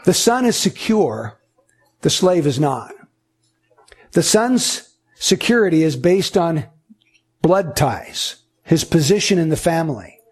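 Husky high-voiced man preaching. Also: very animated, takes it slowly, long pauses. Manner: earnest, emphatic teaching with repetition. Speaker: pastor. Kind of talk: sermon.

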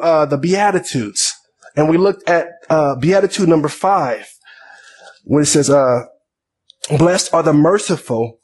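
High-voiced man preaching a sermon. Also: a little mellow. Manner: reads scripture then explains in plain conversational asides; repeats words and restarts phrases.

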